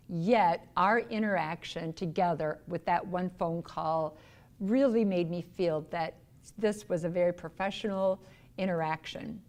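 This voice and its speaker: A woman giving a recorded workplace training lecture on customer service, earnest and instructive, sometimes acting out quick quoted voices. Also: fairly low pitch, darkish tone.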